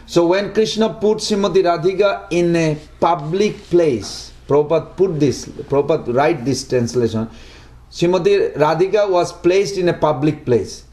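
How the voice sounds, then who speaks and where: A man with a fairly high voice gives a devotional talk in simple, broken English. He keeps putting rhetorical questions to his listeners, and his voice rings in an echoey room. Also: normal speed, dark tone. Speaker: devotional speaker. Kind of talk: devotional talk to a small group.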